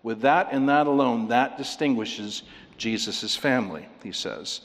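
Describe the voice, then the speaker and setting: Man, preacher, sermon, emphatic, animated, medium pitch, long hall reverb. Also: normal speed.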